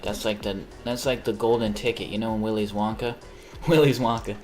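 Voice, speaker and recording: A man's voice: lowish voice, little pitch movement, brisk, a little mellow, faint music behind. Rambling, profane young man streaming. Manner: rambling, profane, self-mocking. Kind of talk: casual live-stream chat while gaming.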